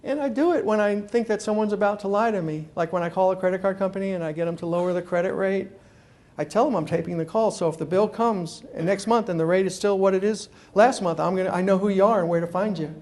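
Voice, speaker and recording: High-voiced New man telling stories. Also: quick pace. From New York. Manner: animated storyteller acting out phone calls. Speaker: guest speaker. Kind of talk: humorous keynote talk. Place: conference room before an audience.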